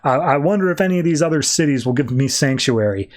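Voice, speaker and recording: A man's voice: fairly high pitch, animated, quick pace, natural voice. A man voicing a flustered, whiny young superheroine who frets about her boss. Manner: whiny, fretting. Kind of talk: comic recap voice.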